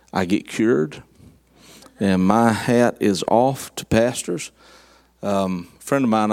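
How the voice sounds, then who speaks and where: A middle-aged preacher with a somewhat low voice tells stories from the pulpit. His delivery is folksy and wry, with jokes dropped in between the serious points. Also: darkish tone. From southern United States. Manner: folksy storytelling with wry humor. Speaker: guest preacher. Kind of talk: sermon.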